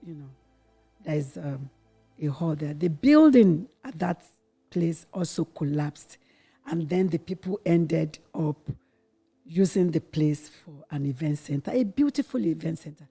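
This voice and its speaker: A middle-aged Nigerian woman, the host's mother, earnestly tells her daughter the family's story in a candid interview, acting out what was said back then. Her low, mellow voice has a breathy edge and lively intonation, and she speaks a little slowly as she quotes her own past words with rising intensity. Soft music plays in the background.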